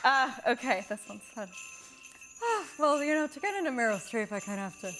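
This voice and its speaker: A woman's voice: sits high, big pitch swings, fairly quick, fairly bright tone, a little hiss or hum. A woman talk show guest chatting casually and bubbly between comic impressions.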